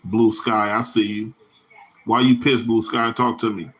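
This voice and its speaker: A man's voice: lowish voice, level tone, measured pace, a bit bright. A man hosting his own livestream in a loose, rambling, profane way, full of slang and answering viewers' chat comments by name. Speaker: livestream host.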